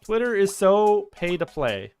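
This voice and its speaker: Guy streaming and chatting w his viewers, kinda high voice, jokey, bit of music under. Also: big pitch swings, measured pace, a little mellow, clear, resonant tone. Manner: loose, fillers and restarts, jokey, talks to chat. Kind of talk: casual live-stream chat.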